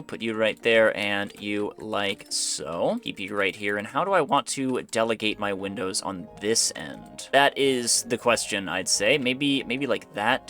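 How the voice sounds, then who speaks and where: A man's voice: fairly low pitch, sharp tone. A young man giving casual, rambling commentary to himself while playing a building game. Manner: rambling, self-talking, easily startled. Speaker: gaming YouTuber. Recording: faint background music.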